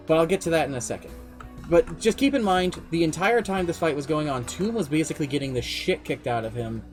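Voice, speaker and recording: Animated man recapping his game. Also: fairly high pitch. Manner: animated, swearing, shifts pace often. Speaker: streamer and game master. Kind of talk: casual storytelling recap. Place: home streaming setup.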